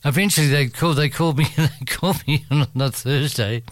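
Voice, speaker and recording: A man appearing as a radio guest tells a rambling anecdote, restarting often and laughing frequently. His voice is on the high side and brisk, with no echo.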